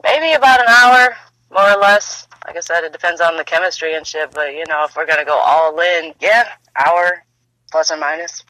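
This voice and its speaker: Woman, podcast guest, casual laughing chat, profane, sharp bright voice, dry sound. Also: fairly low pitch, moderate pace, no room sound, poor audio. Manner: laid-back, laughing, profane.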